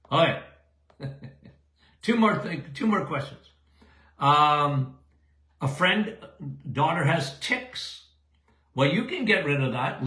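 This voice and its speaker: Older man, doctor answering listener questions, folksy, emphatic, fairly high voice, echoey room. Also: bright, forceful tone. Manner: folksy, emphatic, keeps asking "okay?". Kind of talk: live Q&A show.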